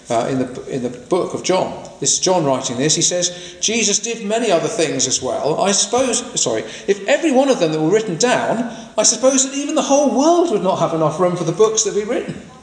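A man preaches an earnest sermon, pressing his listeners with question after question. His voice sits high and swoops widely between lines. The sound carries a long hall reverb that rings after each phrase. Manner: questioning, earnest, emphatic rises.

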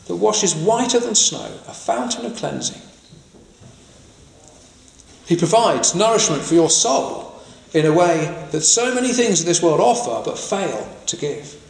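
Lively, high-pitched preacher in an echoey hall. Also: male voice, vocal fry. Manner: questioning, earnest, emphatic rises. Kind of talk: sermon. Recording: echoey hall with long reverb.

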